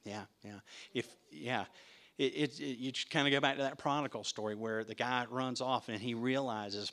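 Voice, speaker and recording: A man's voice: mid-range voice, steady tone, moderate pace, fairly bright tone. Conversational preacher man questioning the congregation. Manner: conversational, asks the audience questions; repeats words when starting sentences. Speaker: pastor. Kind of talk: interactive sermon teaching.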